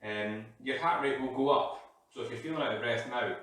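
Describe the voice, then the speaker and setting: A man's voice: medium pitch, fairly quick, fairly bright tone. A man leading a live workout while exercising, out of breath and breathing hard as he talks. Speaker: fitness coach. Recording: echoey room, mic far off.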